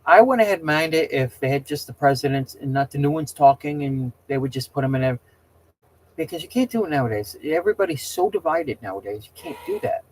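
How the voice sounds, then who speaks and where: A man's voice: a little high, animated, fairly quick, a little hiss or hum, rough recording. A middle-aged man hosting a casual chat, rambling and opinionated, often restarting his sentences and stumbling over words. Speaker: host chatting with viewers.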